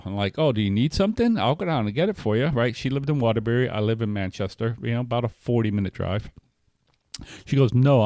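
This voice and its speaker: A middle-aged podcast co-host talks candidly in a casual conversation, his lowish voice a little mellow on a dry recording. He tells personal stories with many fillers and restarts.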